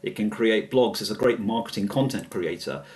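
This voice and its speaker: A fairly low-voiced man walks through a software demo in a loose, chatty way. He hesitates often and chuckles as he talks. His voice sits a little back from the microphone. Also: normal speed, recorded from a distance. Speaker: presenter demonstrating software. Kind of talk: casual screen-share walkthrough.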